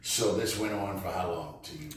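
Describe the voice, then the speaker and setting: A man's voice: low voice, moderate pace, crowd noise. A man hosting an interview, asking short probing follow-up questions in a casual way. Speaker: interview host. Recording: very echoey room, mic far off, noticeable noise.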